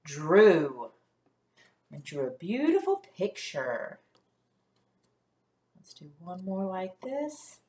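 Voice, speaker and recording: A woman teacher leading a first grade phonics lesson, sounding out letters slowly and praising the class. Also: on the low side, big pitch swings, warm tone. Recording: echoey room.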